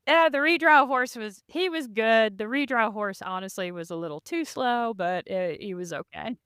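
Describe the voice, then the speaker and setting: A woman's voice: on the high side, normal speed, a bit bright, clear, resonant tone, no room sound, clean studio sound. A woman guest on a podcast, chatting and laughing as she tells about her rides, full of "you know" and "like". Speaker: podcast guest, endurance race rider. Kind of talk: casual interview storytelling.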